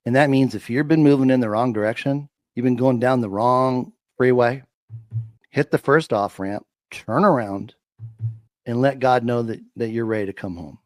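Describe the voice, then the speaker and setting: A man's voice: mid-range voice, normal speed, dry recording. Emphatic preacher-like man, dry sound. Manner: emphatic, repeats words, preacher-like cadence. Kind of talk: preachy faith-filled commentary.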